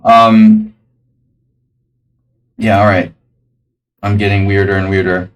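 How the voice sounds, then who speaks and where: A man's voice: lowish voice, level tone, takes it slowly, recorded from a distance, a little hiss or hum, low-quality recording. A man streaming chess, thinking aloud over his moves with dry, jokey asides. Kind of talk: live-stream chess commentary.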